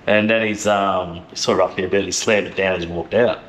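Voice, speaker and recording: A man with an Australian accent hosting a podcast in fast, matey casual chat, swearing often. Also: low-pitched, steady tone, a bit bright, a little hiss or hum. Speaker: podcast host. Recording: echoey room, faint ambience.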